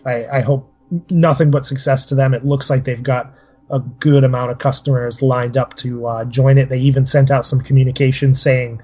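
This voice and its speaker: A man's voice: mid-range voice, flat delivery, moderate pace, a little mellow, breathy edge, soft background music. A man co-hosting a casual podcast, talking steadily and rambling with many fillers. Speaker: podcast co-host. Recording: slightly dull lo-fi audio.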